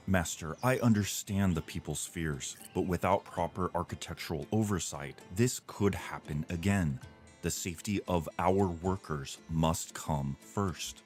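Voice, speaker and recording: A grave, deep-voiced Roman builder's adviser. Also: male voice, a little slow, faint music behind. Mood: firm. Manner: grave, urgent, insistent. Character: stern male Roman construction adviser. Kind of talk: video game voice acting.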